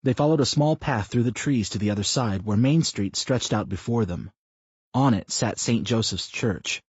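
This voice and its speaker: A man narrating an audiobook in a steady, measured reading, in a slightly muffled recording. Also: fairly low pitch, husky, dry recording. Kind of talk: scripted narration.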